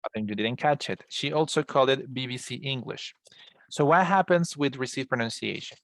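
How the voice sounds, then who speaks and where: A Colombian man with a Spanish accent teaches English over a video call in a patient, explanatory lecture style, often restarting his sentences. His voice sits at a middle pitch, and the sound is dry and close with no room echo. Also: brisk, fairly bright tone. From Colombia, from Bogota. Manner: explanatory, addresses students as guys, frequent restarts. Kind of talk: online class lecture.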